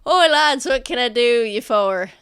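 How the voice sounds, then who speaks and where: A woman's voice: on the high side, expressive, unhurried, a bit bright, slight background noise. A woman voicing a chatty, nervous male merchant, rambling and hesitant with lots of uh and um.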